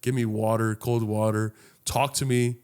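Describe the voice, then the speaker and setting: A man's voice: fairly low pitch, normal speed, clear, resonant tone. A young man from Los Angeles, co-hosting a casual podcast chat, telling stories with lots of swearing and acting out other people's voices. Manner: animated storytelling, heavy swearing, acts out voices. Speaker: podcast co-host.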